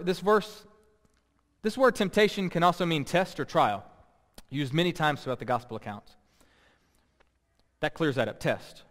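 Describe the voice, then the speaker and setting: A man's voice: high voice, fairly bright tone. A man preaching a sermon as pastor, emphatic and repeating key words for stress. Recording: long reverb.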